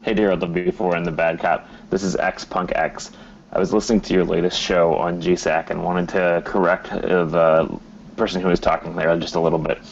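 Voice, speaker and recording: A man with a very low voice records a message for a podcast, hesitant and full of "uh"s and "um"s. The audio is dull and lo-fi. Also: level tone, moderate pace, vocal fry, a little hiss or hum. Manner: hesitant, many fillers. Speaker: listener sending in audio.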